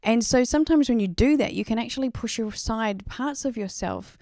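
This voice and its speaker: A woman's voice: a little high, moderate pace, darkish tone, dry recording, studio quality. An Australian woman hosting a live stream, telling a story in a rambling, chatty way full of "like" and "you know.".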